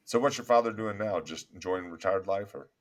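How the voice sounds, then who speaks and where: A man hosting an interview, telling an anecdote in a lively, casual way. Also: low-pitched, a little fast. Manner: animated anecdote-telling with laughs. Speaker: podcast host, agency owner. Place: office studio.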